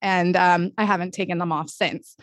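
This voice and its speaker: A woman hosting a podcast interview, gushing and enthusiastic, talking in quick bursts with frequent laughs. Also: fairly low pitch, fairly even intonation, no room sound, clean studio sound. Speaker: podcast host. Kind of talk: upbeat casual interview.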